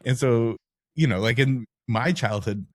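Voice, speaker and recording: A middle-aged man co-hosting a podcast, talking casually about a book. He is frank and jokey, and his voice shoots up high when he sounds incredulous. His pitch sits in the middle for a man. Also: measured pace. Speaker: podcast co-host. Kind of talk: casual book club chat.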